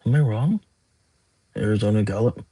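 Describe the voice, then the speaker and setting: Chatting on his livestream, a young male host rambles through viewer comments at a normal speed. His voice is on the low side and mellow.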